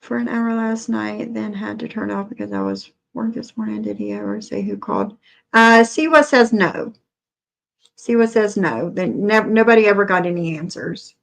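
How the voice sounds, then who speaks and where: A woman's voice: mid-range voice, fairly even intonation, brisk, gravelly, hardly any pauses. A woman chatting bluntly on a live stream and swearing.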